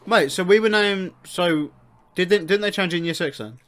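A young man from England is hosting a casual podcast, chatting with an old friend. He swears constantly and laughs a lot as they banter. His voice sits a touch high for a man. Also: normal speed, fairly bright tone. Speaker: podcast host. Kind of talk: casual chat.

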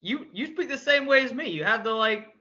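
A man's voice: very high-pitched, lively intonation, a little fast, sharp tone, muffled recording. A man co-hosting a casual podcast chat, joking and swearing with mock stubbornness. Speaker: podcast co-host.

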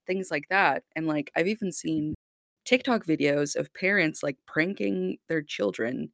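Exasperated gravelly podcaster. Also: mid-range voice, a little slow, no echo, clean studio sound. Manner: animated storytelling, exasperated and swearing. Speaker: podcast co-host. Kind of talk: casual podcast chat.

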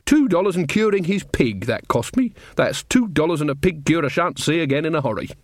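A man's voice: on the high side, expressive, fairly quick, dry recording, clean studio sound, voice pushed up, close to an everyday voice. A man reading an audiobook, voicing a gossipy, folksy old village witch woman with coarse, rambling talk. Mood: gossipy, flustered.

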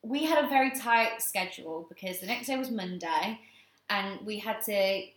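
A young woman co-hosting a podcast, telling a story in casual chat, animated and laughing, swearing freely. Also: mid-range voice, moderate pace. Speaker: podcast co-host. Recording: echoey room.

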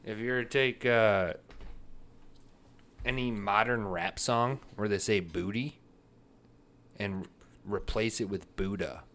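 A male podcast host trades crude, joking banter, bursting into loud laughter, in one big echoey room. His voice sits on the low side, and he talks slowly with frequent pauses.

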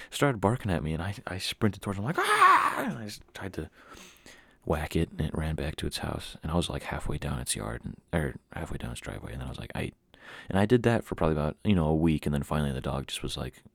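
A young man hosts a solo podcast and tells a rambling, animated story full of mocking asides. His voice is deep and husky with a gravelly edge. It is recorded dry and close, with no room sound. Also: fast talker, no echo. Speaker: podcast host. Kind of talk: casual storytelling monologue.

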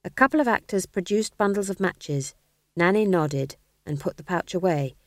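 A woman's voice: fairly low pitch, expressive, no echo, studio quality. Woman narrating a wry fantasy audiobook. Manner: wry, measured storytelling. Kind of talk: scripted narration.

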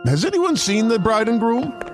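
A man's voice: very animated, normal speed. An actor playing a male wedding officiant in a radio ad, speaking in a ceremonial way. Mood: solemn. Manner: ceremonial, booming at the end. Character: male wedding officiant, solemn then flustered. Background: music.

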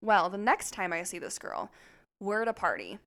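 A woman co-hosting a podcast, telling a story in an animated, chatty way and swearing freely. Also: medium pitch, moderate pace. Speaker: podcast co-host. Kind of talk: casual storytelling chat.

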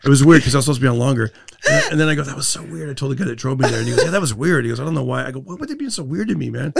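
A man in casual chat as a comedian guest, an animated storyteller who acts out the voices of the people he quotes. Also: mid-range voice, racing, creaky.

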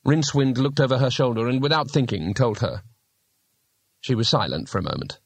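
A man narrating a fantasy audiobook in a measured, steady way. His pitch sits in the middle range, and the recording is dry and close with no room echo. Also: vocal fry, husky. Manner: measured, storytelling. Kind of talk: scripted narration.

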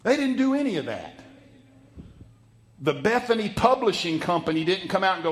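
Male pastor, folksy sermon delivery, higher-pitched voice, dramatic loud-soft swings. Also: big pitch swings, a little fast. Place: church sanctuary.

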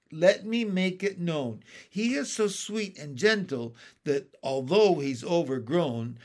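A man voicing a cheerful, friendly young boy who reciting rhymes eagerly in a storybook reading. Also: on the high side. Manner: bright and eager.

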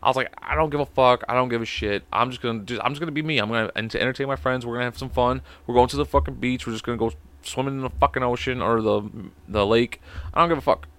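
Casual podcast storyteller: young Chicago man, cussing, rambling, mid-pitched, close and dry. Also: fast talker, fairly bright tone, clean tone, no room sound. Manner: profane, rambling, laughing often. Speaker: podcast co-host.

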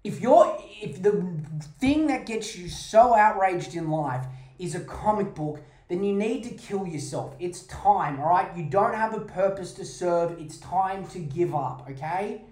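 A woman's voice: on the low side, animated, a little slow, hardly any pauses, mellow, echoey room. Woman ranting on a podcast. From Australia. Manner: heated, sarcastic, heavy swearing. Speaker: podcast host.

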